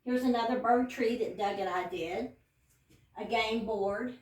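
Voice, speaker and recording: An older Texas woman gives a chatty, homey tour of her house and shows off a recipe in her kitchen, acting as home cook and host. Her voice sits on the high side and moves a little slowly. The sound is roomy, picked up from off-mic.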